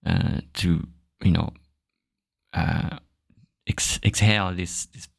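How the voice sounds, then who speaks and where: A man with a French accent, a native French speaker, hosting a casual podcast lesson and repeating sounds aloud in a halting way. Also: sits low, steady tone, vocal fry, slightly rough, dry recording, studio quality. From France. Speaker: language teacher podcast host.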